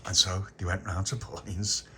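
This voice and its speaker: A man's voice: low-pitched, normal speed, faint music behind. A man telling an improvised children's story in a chatty, rambling way. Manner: animated, rambling, many restarts.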